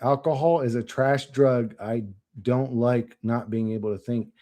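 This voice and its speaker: A man's voice: medium pitch, fairly even intonation, measured pace, mellow. A man rambling casually to his stream chat, swearing and laughing often. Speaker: channel host.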